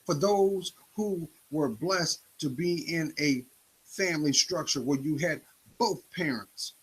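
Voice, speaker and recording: Husky guy giving a preachy spoken-word talk, hits you with questions. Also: a little high, takes it slowly, low-quality recording. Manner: preachy, confrontational, rhetorical questions. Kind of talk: spoken-word motivational monologue.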